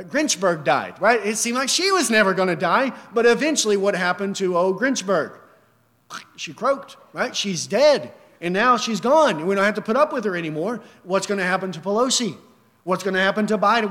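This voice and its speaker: A male pastor delivers a sermon in a church sanctuary, his voice sitting high for a man. He leans on rhetorical questions and swings between loud emphatic peaks and quiet low drops. A long reverb from the hall trails each phrase.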